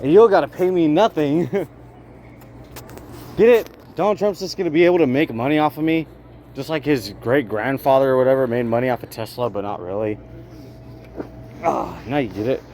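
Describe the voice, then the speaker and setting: A man rambling in a street vlog, laughing and breaking into shouted bursts. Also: mid-range voice, brisk, long pauses. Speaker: vlogger. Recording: faint street noise outdoors.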